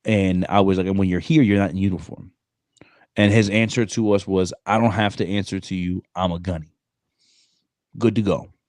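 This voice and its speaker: A man in his thirties spins a story for his podcast in loose, slangy talk, calling his listener "bro" again and again. His voice sits low. The sound is close and dry, with no room around it. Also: moderate pace, no echo. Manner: animated, streetwise slang, frequent "bro". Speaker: podcast co-host. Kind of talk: casual storytelling chat.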